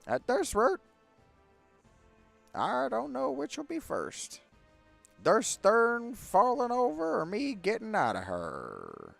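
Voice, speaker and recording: Grumpy old captain, slurry mumbly words, high gravelly loud, cigar-in-mouth talk. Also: male voice, exaggerated voice. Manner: loud, bossy, cursing. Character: gruff old male rocket captain, cranky.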